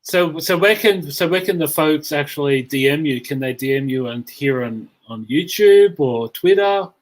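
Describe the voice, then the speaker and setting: A laid-back man co-hosting a live pop-culture chat. He answers in short, easy replies and chimes in with agreement. His voice sits a little higher than most men's. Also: lively intonation, moderate pace. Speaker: co-host. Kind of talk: casual live show chat.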